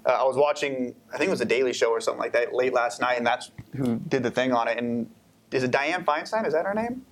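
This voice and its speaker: A man's voice: mid-range voice, fast. A man talking casually on a podcast, rambling with many restarts and fillers. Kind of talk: casual chat.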